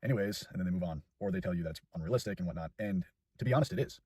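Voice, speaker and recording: A man's voice: low-pitched, rapid-fire, warm tone, slightly rough, no room sound, far from the mic. A nineteen-year-old man chatting casually to camera in a rambling, self-deprecating way. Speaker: YouTuber. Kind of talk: casual vlog chat.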